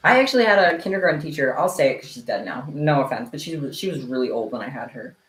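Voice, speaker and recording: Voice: medium pitch, expressive, quick pace, slight background noise. A livestream host chatting casually with viewers, playful and teasing, laughing often. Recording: echoey room.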